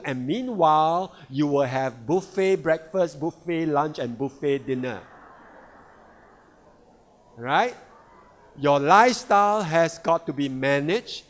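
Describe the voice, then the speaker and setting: A man's voice: on the high side, lively intonation. A man giving a sales seminar talk on a product, often asking the audience "right?" and "all right?". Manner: slow, repeats "all right" and rhetorical questions. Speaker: product presenter.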